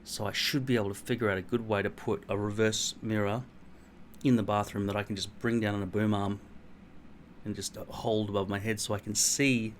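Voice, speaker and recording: A man's voice: fairly low pitch, level tone, brisk, slight background noise. A middle-aged Australian man vlogging at home in a rambling, blunt, self-mocking way, swearing freely. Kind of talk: casual rambling monologue to camera.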